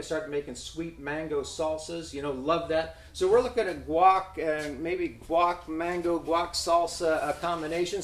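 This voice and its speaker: A man improvising a comic business pitch, hesitant and full of fillers, often chuckling at himself. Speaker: pitch presenter. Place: event room. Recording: echoey room with background noise.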